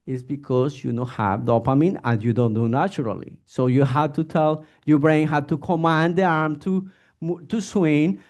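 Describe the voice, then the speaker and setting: A male physician gives a relaxed, informal lecture to an audience. His voice sits fairly high yet sounds dark and mellow. He slips into little acted scenes with patients as he explains. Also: moderate pace. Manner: animated, acts out patient exchanges.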